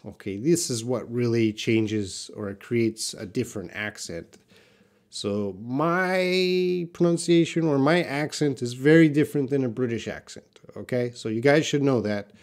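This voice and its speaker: Slow, patient Canadian English teacher. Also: male voice, medium pitch. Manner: talks to chat viewers by name, explains patiently. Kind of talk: live-stream English lesson.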